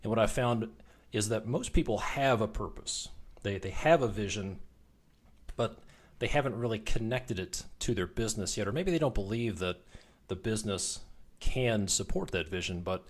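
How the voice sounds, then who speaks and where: A man's voice: lowish voice, normal speed, slightly rough. Man host explaining with everyday analogies. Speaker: podcast host and business coach. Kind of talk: podcast interview.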